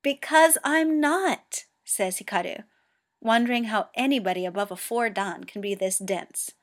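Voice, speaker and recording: A woman narrating a piece of fan fiction at a steady pace. Her voice sits in a middle pitch and she keeps her storytelling even from line to line. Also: moderate pace. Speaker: reader. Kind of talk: reading fan fiction aloud.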